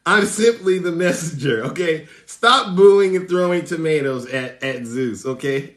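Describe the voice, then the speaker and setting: A man with a high, bright voice hosts a live stream and reads the news with showy, teasing flair. He laughs often and calls out to his viewers by name. His voice rings in an echoey room. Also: animated, moderate pace, hardly any pauses. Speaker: livestream host. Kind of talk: live commentary reading news.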